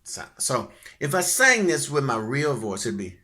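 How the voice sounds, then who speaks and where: A man's voice: mid-range voice, sing-song, unhurried, bright, forceful tone, dry recording. A man talking in a casual, rambling vlog, jokey and full of fillers. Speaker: vlogger and singer.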